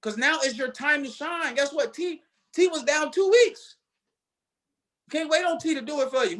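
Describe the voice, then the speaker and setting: A man's voice: extremely high pitch, animated, moderate pace, a bit bright. A man leading a network marketing team, giving a motivational talk with emphatic, preacher-like repetition.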